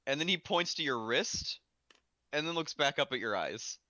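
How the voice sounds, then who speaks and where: A man narrating as dungeon master in a tabletop game, animated, laughing and profane. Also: fairly high pitch, normal speed, no room sound.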